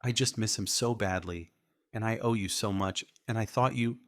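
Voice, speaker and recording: A man's voice: fairly low pitch, normal speed, dry recording, clean studio sound, natural voice. A male audiobook narrator voicing a badly burned young woman who pleads in a tearful, breaking voice.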